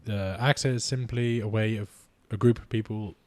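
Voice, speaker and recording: A man's voice: fairly low pitch, steady tone, normal speed. A man co-hosting a podcast, chatting casually and rambling with frequent restarts. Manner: rambling, restarts and trails off mid-thought. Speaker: podcast co-host. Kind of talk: casual chat.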